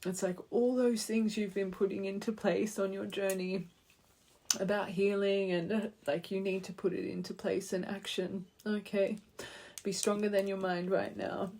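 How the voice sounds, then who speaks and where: A woman's voice: mid-range voice, little pitch movement, normal speed, darkish tone, a little hiss or hum. A woman giving an earnest, heartfelt tarot reading, speaking straight to the viewer and rambling with fillers. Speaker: tarot reader. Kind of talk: intuitive tarot reading to camera.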